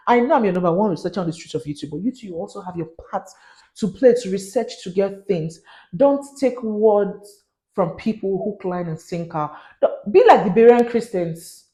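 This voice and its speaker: A woman's voice: medium pitch, lively intonation, a little fast, mellow, roomy sound. A woman, talking earnestly to camera in a vlog and giving warnings, sometimes dropping into pidgin. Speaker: vlogger.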